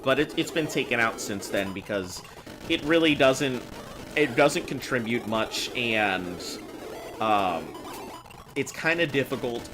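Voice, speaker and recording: A man chatting casually with viewers while he plays, rambling and thinking out loud. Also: on the low side. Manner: rambling, talks to chat while playing. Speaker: game streamer. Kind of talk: casual live-stream chat. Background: game music.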